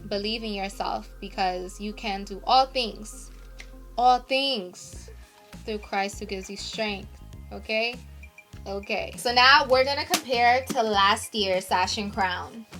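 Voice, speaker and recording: Young adult woman, pageant queen vlogger; gushing, emotional, sharp bright tone. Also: mid-range voice, a little slow, soft background music. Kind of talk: casual unboxing vlog.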